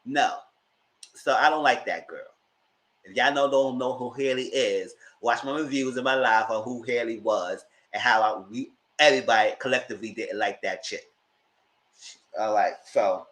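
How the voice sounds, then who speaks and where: A man with a bright, forceful voice gives a casual live review of a reality TV episode. He talks in a chatty, emphatic way, speaking straight to his audience. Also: medium pitch, moderate pace, rough recording. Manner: chatty and emphatic, addressing viewers directly. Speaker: host reviewing a reality TV show.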